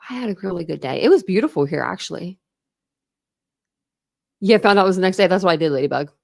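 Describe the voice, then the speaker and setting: A woman's voice: fairly low pitch, expressive, fast, creaky, darkish tone. A woman hosting a true crime livestream, chatting casually and greeting viewers by name between frequent laughs.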